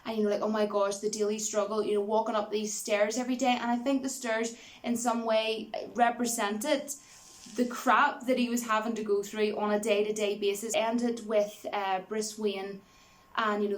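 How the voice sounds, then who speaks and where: Chatty woman rambling through a film review. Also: medium pitch. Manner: rambling, many fillers like "you know" and "like"; laughs easily while retelling scenes. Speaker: movie reviewer. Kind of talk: casual spoken film review.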